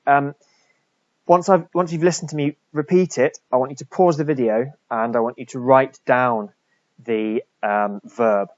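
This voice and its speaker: A man, a French teacher, talking through a recorded lesson for pupils and slowly repeating French words for them to copy. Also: medium pitch, no room sound, highs cut off.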